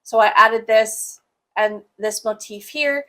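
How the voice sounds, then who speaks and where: A young woman hosts a relaxed crafting chat, her voice bright and on the higher side. She jokes and teases with a sarcastic edge and laughs easily. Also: slow. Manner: sarcastic, joking, laughs often. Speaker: cross-stitch show host. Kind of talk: casual chat.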